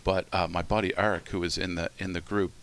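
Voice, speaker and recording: Low, bright-voiced man, chatty storyteller. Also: little pitch movement, fast. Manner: laughing, filler-heavy, often asks "you know what I mean". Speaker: former ballpark entertainer. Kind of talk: casual storytelling.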